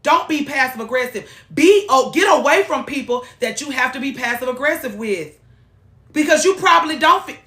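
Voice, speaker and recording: A woman giving blunt, profane, animated relationship advice on a live stream. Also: high voice, fairly quick, roomy sound.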